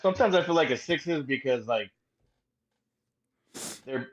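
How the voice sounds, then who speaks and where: This is a man talking as a podcast guest in a relaxed, slangy way, calling the host bro. His pitch is ordinary for a man. The sound comes through muffled, with the top end dulled. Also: unhurried. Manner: laid-back, slangy, says bro a lot. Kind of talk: casual chat.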